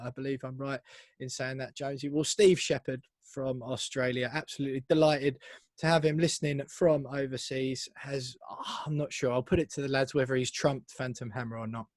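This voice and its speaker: A man's voice: mid-range voice, darkish tone, no echo. A man hosting a casual podcast, upbeat and jokey as he presents. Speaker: podcast host.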